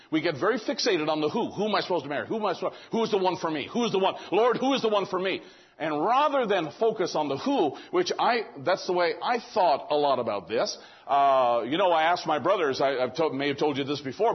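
A male preacher with a high-pitched, slightly husky voice delivers a sermon. He tells stories in a conversational way and acts out the dialogue. The recording sounds dull and lo-fi. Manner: conversational storytelling with quoted dialogue.

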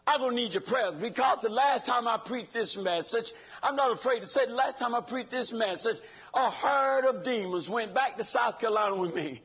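A man's voice: very high-pitched, normal speed, highs cut off. An older man preaching a sermon, hollering and calling out to the congregation with laughing asides. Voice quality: raspy.

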